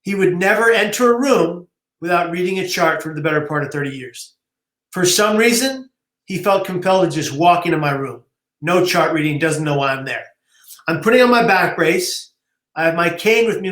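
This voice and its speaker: A man, guest on a live-streamed interview, telling his story in an emotional, animated way. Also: fairly high pitch, normal speed, roomy sound. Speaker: guest, suicide prevention advocate.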